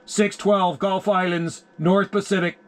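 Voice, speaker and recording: A man working a CB radio, calling out call signs in a relaxed, friendly way. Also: sits high, measured pace. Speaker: CB radio operator. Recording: loud radio static hiss.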